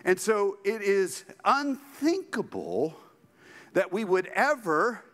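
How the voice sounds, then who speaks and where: A man from the States, preaching an animated, emphatic sermon with joking asides. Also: sits high, takes it slowly, long reverb tail. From Southern United States. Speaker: pastor. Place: church sanctuary.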